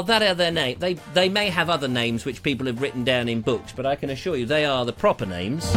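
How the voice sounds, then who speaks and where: A man's voice: a little high, a bit bright. A man hosting a live online show in a small studio, rambling and joking on a lapel mic. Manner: jokey, playful, digressive. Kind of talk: rambling live-stream chat.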